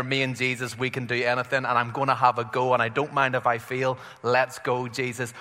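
A man's voice: mid-range voice, bright, forceful tone, long reverb tail. A man with an Irish accent preaching a conversational sermon, with frequent fillers and restarts as he retells a scripture story.

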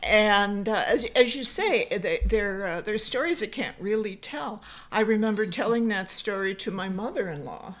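An older woman co-hosting a podcast, telling family stories in a casual chat. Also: mid-range voice. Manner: slow, animated storyteller. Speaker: podcast co-host.

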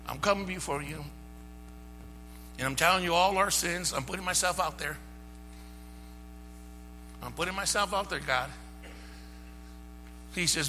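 A man preaching a sermon to his church, passionate and rising to shouts. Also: sits high, big-room sound, low-quality recording. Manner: impassioned, builds to shouting. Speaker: pastor.

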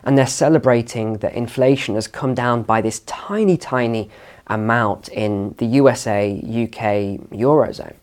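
A man's voice: medium pitch, unhurried, darkish tone. A man hosting a finance channel, speaking straight to camera in a confident, emphatic way about economic numbers. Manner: confident, emphatic, lectures on numbers over emotion. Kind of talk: direct-to-camera commentary. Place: home studio.

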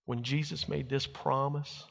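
A man's voice: medium pitch, flat delivery, unhurried, vocal fry, fairly bright tone, in a large hall. A middle-aged man preaching to his church, telling a family story in a folksy way and acting out what people said. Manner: folksy storytelling, acts out quotes. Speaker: pastor. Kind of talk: sermon with personal stories.

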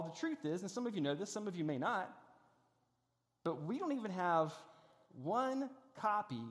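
A middle-aged man preaching a sermon in a large church. He talks conversationally, with self-deprecating humor and frequent restarts, while running a demonstration on stage. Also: high-pitched. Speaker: pastor. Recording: long hall reverb.

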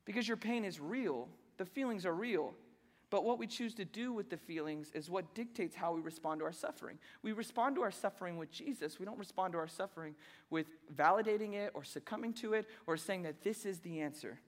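Young male pastor, high voice, playful self-deprecating preacher, reverberant hall. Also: lively intonation, a little fast. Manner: playful, self-deprecating storytelling between points. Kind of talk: sermon.

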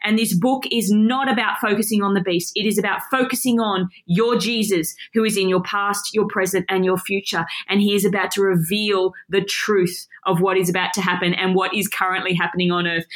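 A woman teaching a Bible study with passion, excited and emphatic, often laughing. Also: medium pitch, brisk, hardly any pauses.

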